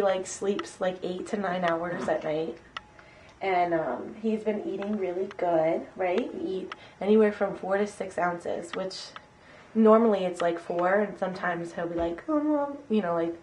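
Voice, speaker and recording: A woman's voice: on the low side, a little mellow, a little hiss or hum. A mother vlogging at home, coaxing her baby in sing-song baby talk and chatting to the camera. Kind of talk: casual vlog chat.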